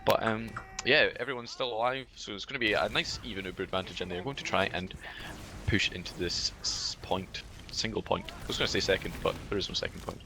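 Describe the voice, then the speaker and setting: A man with a Scottish accent casting a live esports match, relaxed and full of fillers. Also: low-pitched, fairly quick, gravelly, background noise. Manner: relaxed, filler-heavy play-by-play with banter. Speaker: esports caster. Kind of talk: live game commentary.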